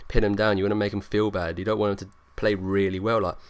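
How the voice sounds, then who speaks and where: Young guy talking fast over his gameplay, kinda low voice, rambly with lots of likes. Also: flat delivery, clean tone, no echo. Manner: rambling, filler-heavy, talks over gameplay. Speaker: gaming YouTuber. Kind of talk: gameplay commentary.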